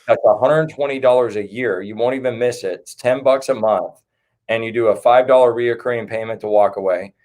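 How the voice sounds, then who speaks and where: A man's voice: mid-range voice, a little fast, a little mellow. A man who is a guest on a casual livestream, talking in an earnest, rallying way and calling people "man" and "dude".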